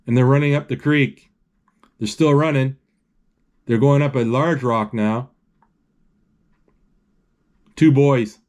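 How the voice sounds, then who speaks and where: Man, mid pitch, live film play-by-play, halting, searches for words, lots of restarts. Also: a little mellow. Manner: frequent restarts and fillers. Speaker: movie describer.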